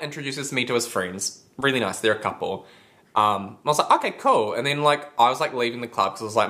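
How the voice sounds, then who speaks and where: A young woman, hosting a podcast and telling a frank, swear-heavy story in casual chat. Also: rumbling low. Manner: candid, swears a lot, animated storytelling. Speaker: podcast host.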